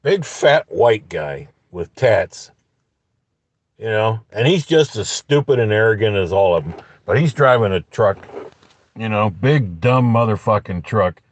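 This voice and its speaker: A man's voice: lowish voice, lively intonation, a little slow, dry recording. A man telling a story in a profane, angry, rambling rant from inside a parked car. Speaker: vlogger. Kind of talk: ranting storytelling vlog.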